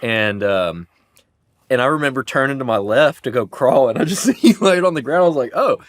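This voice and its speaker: A man's voice: mid-range voice, expressive, a little fast. A man with a Southern US accent, co-hosting a casual chat who laughs often and jumps in eagerly. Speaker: podcast co-host.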